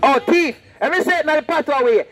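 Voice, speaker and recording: A man preaching loudly and confrontationally on the street, repeating his lines. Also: very high-pitched, fairly quick, some chatter behind, rough recording. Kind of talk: open-air street preaching. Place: outdoors on a street.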